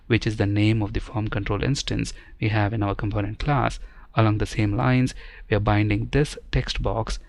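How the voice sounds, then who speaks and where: A man's voice: lowish voice, no room sound. A man explaining programming step by step in a screen-recorded coding tutorial, in a methodical teaching manner. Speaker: programming instructor.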